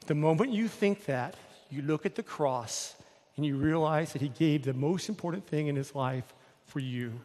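High-voiced preaching man, echoing hall. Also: moderate pace, darkish tone. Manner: emphatic, repetitive storytelling. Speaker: pastor. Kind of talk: sermon. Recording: long hall reverb.

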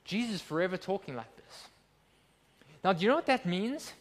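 Male pastor, higher register, preaching earnestly in a reverberant church hall. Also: animated, fairly quick, a bit bright. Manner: earnest, emphatic preaching with rhetorical questions. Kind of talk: sermon.

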